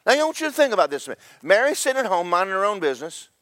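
Talking very fast in a high, sing-song voice with a fairly bright tone, a preacher tells Bible stories folksily and jokingly, doing comic voices for the characters. The recording is dry.

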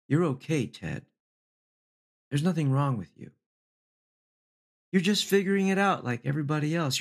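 A middle-aged man delivers an inspirational speech at a mid-range pitch, neither deep nor high. He is earnest and unhurried and lingers over each item in his lists. Now and then he slips in a dry aside. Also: fairly bright tone. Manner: measured, slow lists with lifts in pitch for emphasis. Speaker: motivational speaker.

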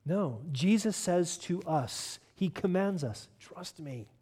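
A man's voice: high voice, expressive, takes it slowly, a little mellow, slightly rough. A man preaching a sermon as pastor, emphatic and direct, who puts questions to the congregation.

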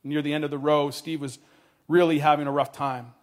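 A man telling a story in a sermon, earnest, dropping his voice quietly at tender moments. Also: fairly high pitch, level tone, brisk.

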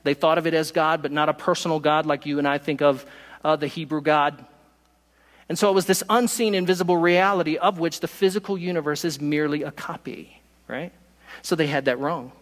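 A man preaching a sermon as pastor, emphatic, speeding through asides and slowing down to stress key words. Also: a little high, steady tone, big-room sound. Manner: emphatic preaching, pace shifting from quick asides to slow stresses.

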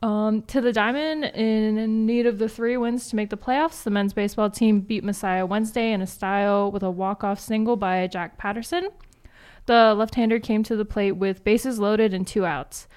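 A woman's voice: mid-range voice, fairly even intonation, darkish tone, smooth. Young woman hosting college radio. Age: 20s. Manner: reads scores briskly, chatty asides. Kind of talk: morning announcements and sports recap. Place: campus radio studio.

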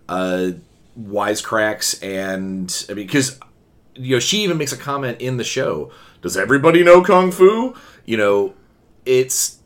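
A man with a fairly low voice talks casually on a podcast. He is opinionated and animated and often restarts his sentences. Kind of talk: casual chat.

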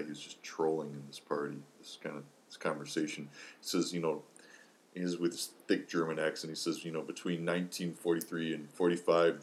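Very deep-voiced man, blunt podcast host. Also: a little hiss or hum. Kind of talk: casual discussion.

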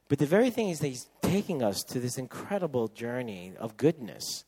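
A man in his thirties preaching at a camp, telling a personal story with lively acted-out voices and frequent laughter. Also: a little high, normal speed, few pauses. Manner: animated storyteller, acts out voices, laughs often. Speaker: camp speaker. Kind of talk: sermon with storytelling.

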